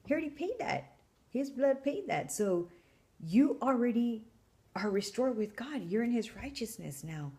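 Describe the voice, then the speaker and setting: A woman telling a personal story in a chatty, animated way, full of fillers, acting out both sides of a phone call. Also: a little high, a little slow.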